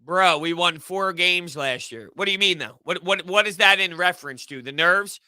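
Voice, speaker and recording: A man hosting a casual live sports stream, answering chat in an animated, rambling way. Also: high voice, normal speed, no room sound. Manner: animated, rambling, repeats himself. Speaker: sports podcast host reading live chat.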